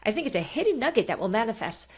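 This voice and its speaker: A woman's voice: a little high, big pitch swings, racing, husky. A woman co-hosting a casual sports podcast, reading listener questions aloud and chatting with asides.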